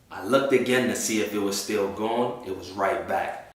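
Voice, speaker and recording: A man with a fairly low voice recounts a personal faith testimony in casual street slang, briefly acting out the voices of others. The recording sounds very echoey, as if made in a bare room. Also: normal speed, recorded from a distance. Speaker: testimony speaker.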